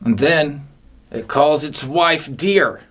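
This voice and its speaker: A man hosting an absurd comedy monologue, rambling and deadpan. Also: a little high, slow pace. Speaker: comedian host.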